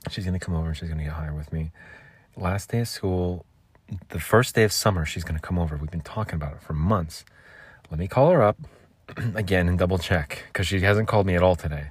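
A man's voice: sits low, normal speed, slightly rough, no room sound. A man in his thirties hosting a solo podcast, telling a rambling, self-mocking story with casual swearing. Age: 30s. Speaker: podcast host.

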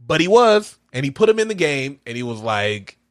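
Animated man telling a movie story. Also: a little high, moderate pace. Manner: storytelling, acts out quotes, laughs often. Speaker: co-host. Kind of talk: casual chat reacting to a movie.

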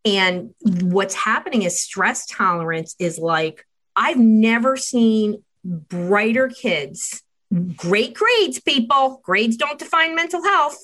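A woman's voice: on the high side, takes it slowly, rough recording. A woman in her fifties, a parenting expert guest, chatting and telling stories animatedly, acting out bits of dialogue. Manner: animated, acts out dialogue in shifting voices. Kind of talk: casual storytelling chat.

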